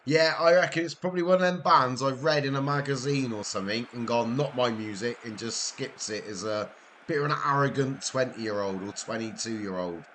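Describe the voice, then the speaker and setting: A man's voice: medium pitch, brisk, a bit bright, slight background noise. Chatty man streaming a game. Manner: chatty, laughs often, joking with chat. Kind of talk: casual live-stream chat.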